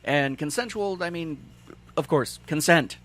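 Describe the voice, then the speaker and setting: A man's voice: fairly high pitch, a little slow, fairly bright tone. A man with a Midwestern accent hosting a casual podcast chat, talking bluntly and explaining at length with plenty of swearing. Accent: Midwestern American.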